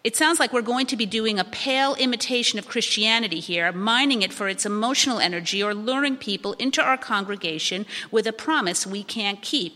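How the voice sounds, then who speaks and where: A woman's voice: fairly high pitch, brisk, few pauses, pushed and bright, big-room sound. A woman reading the lines of an uneasy, earnest churchgoing woman.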